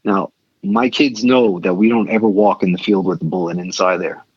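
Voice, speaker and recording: A middle-aged man with a low, husky voice tells a story in animated bursts. The recording is dry and dull, with no room sound and a muffled top end. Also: no room sound. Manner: animated, quick bursts of excited retelling. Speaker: podcast guest. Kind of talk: casual storytelling.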